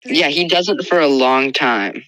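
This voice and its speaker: A teenage girl co-hosts a casual podcast chat, retelling a story with playful sarcasm. Her voice sits low, is a bit bright, and is unhurried, heard in a low-quality recording.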